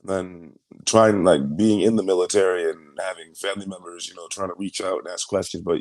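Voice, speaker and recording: A man's voice: low voice, little pitch movement, darkish tone, no room sound. A young man speaking as an interview guest, telling a personal story candidly, swearing freely and restarting phrases as he goes. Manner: fast, emphatic storytelling with profanity and many restarts.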